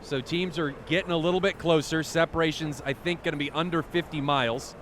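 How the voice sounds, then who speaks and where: A man's voice: a little high, steady tone, a little fast, a bit bright, a little hiss or hum. A man giving live play-by-play commentary on a flight simulator match, chatty and often correcting himself. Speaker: esports commentator.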